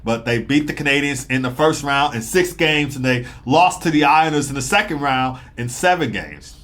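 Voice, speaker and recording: A young man giving a casual, rambling hockey game recap, talking fast with lots of fillers and excited bursts. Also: mid-range voice. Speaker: sports commentator.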